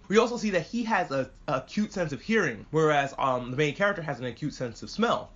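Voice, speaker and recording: A man chatting casually and excitedly as a podcast host reviewing an anime, swearing freely and rambling. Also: a little high, fast, few pauses, husky. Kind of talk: casual chat. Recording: muffled lo-fi audio.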